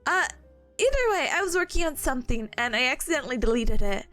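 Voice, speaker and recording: Giggly high-voiced young woman streamer. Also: sing-song, fast, sharp tone, faint music behind. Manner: bubbly, giggly, lots of laughter and playful complaints. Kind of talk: casual chat with stream viewers.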